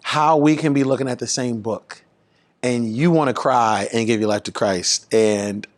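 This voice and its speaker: A pastor talking in an animated, preaching-style way, rising in pitch and volume to drive his points home. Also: normal speed. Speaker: pastor and guest speaker.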